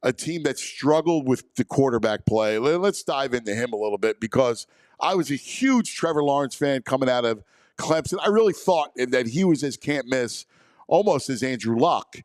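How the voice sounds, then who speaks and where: Enthusiastic sports radio host. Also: male voice, medium pitch, lively intonation, normal speed, a little mellow, no echo, clean studio sound. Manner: enthusiastic, effusive praise. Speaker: sports talk show host. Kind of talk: casual sports talk. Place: studio.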